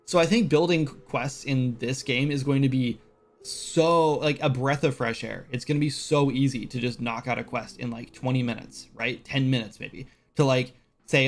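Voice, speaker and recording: A man hosts a casual game-development live stream in a mid-range, fairly even voice at normal speed. He rambles with lots of "like" and "right?" fillers and quotes game characters in brief voices.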